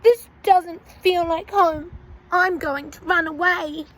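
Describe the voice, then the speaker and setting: Lady doing a sad little boy dinosaur, high and wobbly, kind and wailing. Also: fairly even intonation, slow pace, a bit bright, full character voice, low-quality recording. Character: gentle young male dinosaur, tearful and kind.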